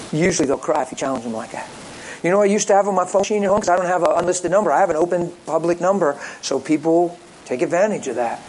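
A male pastor preaching with lively stories, joking and acting out the callers he talks about. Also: fairly high pitch, racing, a little hiss or hum, poor audio. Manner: lively, jokey, acts out callers in voices. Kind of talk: sermon with storytelling.

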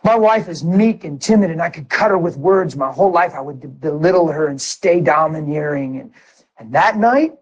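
A man preaching his own conversion testimony in a sermon, moving from hushed, earnest talk to excited shouts. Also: on the high side, normal speed, muffled recording.

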